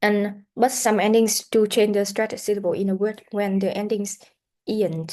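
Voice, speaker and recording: A woman teaching English pronunciation in a recorded lesson, explaining slowly with many "uh" fillers and modeling words for students to repeat. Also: mid-range voice, level tone, warm tone. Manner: slow, explanatory, with frequent "uh" fillers; models sounds and words for repetition. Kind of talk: recorded classroom lecture.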